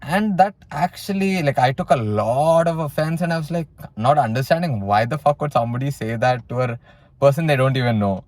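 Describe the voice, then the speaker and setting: A man's voice: mid-range voice, expressive, fairly quick, dry recording. A young man from South India casually telling a personal story in a blunt way, full of swearing and "you know". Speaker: vlogger telling his story.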